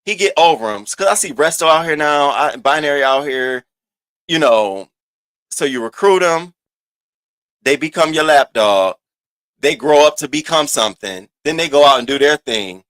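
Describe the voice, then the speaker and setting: A man hosting a casual gossip commentary, animated and profane, swinging between loud outbursts and low asides. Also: no echo. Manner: sassy, drawn-out emphasis. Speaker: host of a commentary channel.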